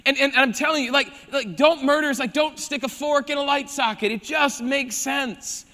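Pastor guy preaching, high bright voice, goes quiet then loud, big echoey church hall. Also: moderate pace. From South Dakota. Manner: animated preaching, swinging from hushed emphasis to loud bursts. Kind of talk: sermon. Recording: long reverb of a large hall.

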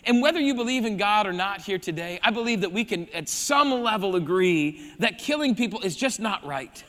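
High, bright-voiced preacher in a hall. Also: male voice, moderate pace. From South Dakota. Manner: animated preaching, swinging from hushed emphasis to loud bursts. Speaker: pastor. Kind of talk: sermon. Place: church hall. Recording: long reverb of a large hall.

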